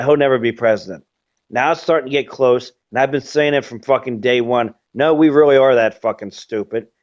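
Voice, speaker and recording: A man's voice: mid-range voice, dull audio. A man ranting in casual commentary as host of his own show, profane and rambling with lots of fillers. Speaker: host of a webcast.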